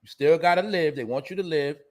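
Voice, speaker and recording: A man lectures his audience in a casual, profane monologue. His voice sits high for a man, and he talks bluntly and preachily. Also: fairly quick. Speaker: show host.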